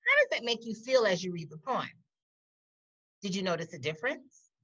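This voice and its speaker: A woman teacher giving a recorded poetry lesson, talking slowly and deliberately and pausing to question the class. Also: medium pitch, sing-song, a bit bright, breathy edge. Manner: slow, deliberate, with pauses. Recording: dull lo-fi audio.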